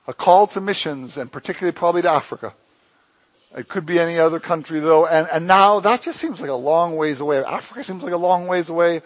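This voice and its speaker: A man preaching a sermon as pastor of his church, impassioned, swinging between loud emphatic lines and hushed ones. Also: fairly high pitch, husky, poor audio.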